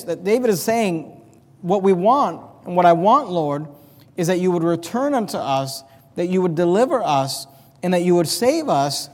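A man's voice: sits high, in a large hall. A man preaching a sermon as pastor, reading scripture and building to pleading emphasis.

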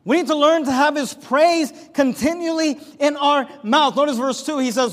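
A man preaching a sermon as pastor, emphatic, swinging from quiet to loud. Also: extremely high pitch, normal speed, few pauses. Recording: long hall reverb.

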